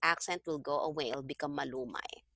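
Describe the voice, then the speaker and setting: A woman's voice: low-pitched, fairly quick, bright, forceful tone, no echo, studio quality. A woman tutoring Tagalog one-on-one over a video call, patiently checking that her student follows. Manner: patient, checks understanding with frequent "okay?". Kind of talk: one-on-one online language lesson.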